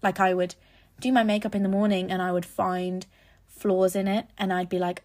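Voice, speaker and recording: A woman's voice: lowish voice, level tone, brisk, darkish tone. Chatty young woman podcaster. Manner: chatty, rambling, self-correcting. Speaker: podcast host. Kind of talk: casual podcast monologue.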